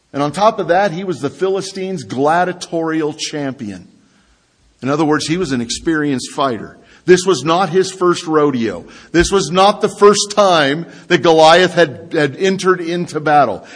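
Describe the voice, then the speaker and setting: Lively, conversational male preacher. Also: on the high side. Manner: conversational preaching with rhetorical questions to the congregation. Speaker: pastor. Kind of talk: sermon.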